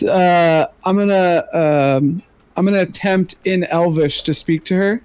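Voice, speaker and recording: A man playing a tabletop game talks hesitantly, stalling on many fillers. His voice is a bit high and sounds dry and close to the mic. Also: steady tone, measured pace, darkish tone, clear, resonant tone, no echo. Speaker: player.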